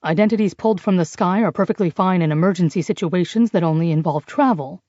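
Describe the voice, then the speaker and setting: Lady narrator doing a low dry know-it-all forger guy, talks right over people, mellow tone. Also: no echo, muffled recording, lightly acted. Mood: dry, condescending. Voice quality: condescending, brisk, talks over others. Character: sharp-witted brisk man, a forger. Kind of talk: audiobook character voice.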